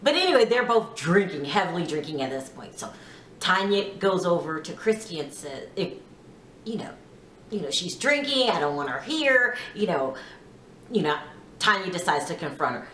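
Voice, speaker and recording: A woman casually recapping a reality TV episode, chatty, with many fillers, quoting people in animated bursts. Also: on the low side, moderate pace, far from the mic, a little hiss or hum. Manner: chatty, lots of "you know", quotes people in lively voices. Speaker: TV recap vlogger. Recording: echoey room, off-mic.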